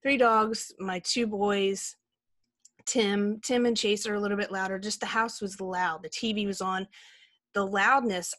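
A woman co-host in an open, easygoing podcast chat, rambling candidly and leaning on filler words. Her voice sits at an ordinary middle pitch. The sound is dry and close, with no room around it. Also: a bit bright, no echo. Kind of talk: casual chat.

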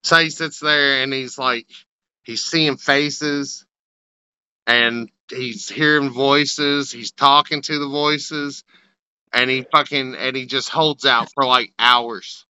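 A man's voice: mid-range voice, fairly even intonation, slow pace, pushed and bright, clean tone, no room sound, muffled recording. A man chatting casually and profanely on a podcast, full of "like.". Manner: loose and profane, with filler "like". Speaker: podcast co-host.

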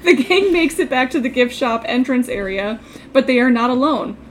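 A woman's voice: high-pitched, expressive, a little hiss or hum. Casual woman recapping a film plot. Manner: reads plot summary in a brisk recap, swears casually. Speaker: podcast co-host recapping a film. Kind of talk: casual chat.

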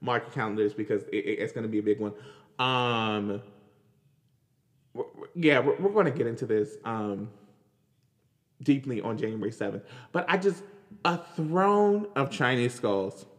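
A man's voice: on the low side, moderate pace, long pauses. Guy hosting a podcast, casual chatty rants, laughs a lot, echoey room w/ long reverb. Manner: animated, laughing, repeats himself. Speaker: podcast host. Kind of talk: casual commentary.

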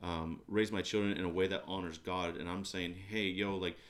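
A man's voice: sits low, steady tone, brisk. A man co-hosting a casual faith podcast, talking earnestly and rambling with many restarts. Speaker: podcast co-host.

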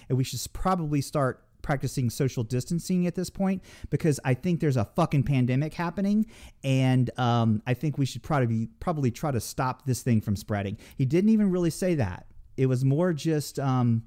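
A man's voice: mid-range voice, warm tone. A man in casual podcast chat, ranting with heavy swearing and many restarts. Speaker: podcast co-host.

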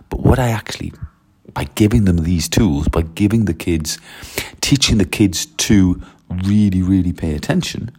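Male language teacher, low husky tone, repeated instructions and tag questions. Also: darkish tone. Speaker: French teacher. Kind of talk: classroom-style teaching walkthrough.

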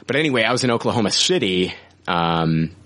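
A man in his forties hosts a casual podcast chat in a lowish voice. He rambles with lots of fillers and swears freely. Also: expressive, a little fast, fairly bright tone. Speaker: podcast host.

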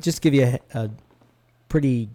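A man's voice: medium pitch, moderate pace, dark tone. A man co-hosts a casual comedy podcast. He teases his partner with crude jokes and laughs often. His tone stays loose throughout. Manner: teasing, crude sidekick who laughs a lot. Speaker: podcast co-host.

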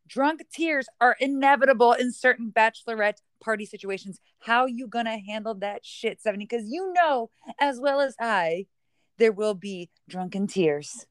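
A woman's voice: fairly high pitch, lively intonation, normal speed, clear, resonant tone, dry recording. A woman, the bride, chatting casually and teasing her maid of honor. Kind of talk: casual chat.

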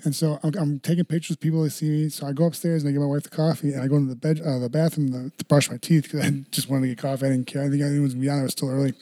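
Fast-talking man with a mellow voice. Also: fairly high pitch, flat delivery. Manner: rowdy, profane storytelling with "bro" and "dude". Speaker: fighter and podcast co-host. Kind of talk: casual podcast chat.

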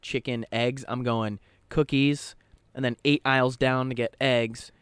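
A man's voice: medium pitch, steady tone, a little slow, fairly bright tone, clean tone, dry recording. A man co-hosting a podcast, talking in a rambling, casual way and swearing often. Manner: rambling, swears often, quotes others in his own voice. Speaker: podcast co-host.

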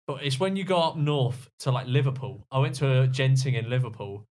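A man in casual podcast chat. His voice sits at an ordinary middle pitch and he talks in a laid-back way, with bursts of energy when he tells a story. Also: animated, brisk, a little mellow. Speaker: podcast guest.

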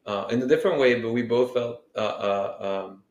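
A man's voice: mid-range voice, moderate pace. A man co-hosting a podcast, reflecting and summarizing in casual, hesitant chat. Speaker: podcast co-host. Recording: echoey room.

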